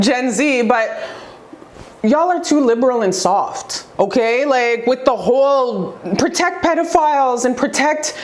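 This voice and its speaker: A young woman giving a spiritual motivational talk to her viewers, emphatic and preachy, repeating phrases for effect in a forceful way of speaking. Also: a little high, expressive, a little slow. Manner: forceful, says she talks aggressively. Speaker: vlogger.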